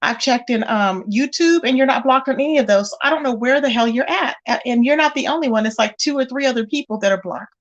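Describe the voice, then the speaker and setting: A woman's voice: fairly high pitch, fast, hardly any pauses, lo-fi sound. A woman hosting a casual live stream, chatting straight to her viewers and exclaiming as she goes. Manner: chatty, addresses viewers directly, exclaims often. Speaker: livestream gossip host. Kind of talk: casual live-chat commentary.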